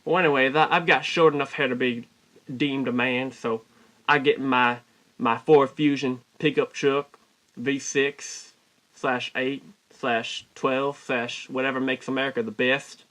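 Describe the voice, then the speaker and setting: A man telling a rambling, mock-folksy comic story in a put-on Southern US drawl, deadpan and constantly correcting himself. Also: medium pitch, a little slow. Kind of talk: deadpan comic character monologue.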